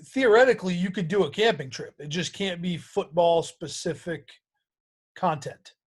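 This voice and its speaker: A man, a high school football coach, giving short, matter-of-fact answers in a casual discussion. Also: animated, normal speed, husky.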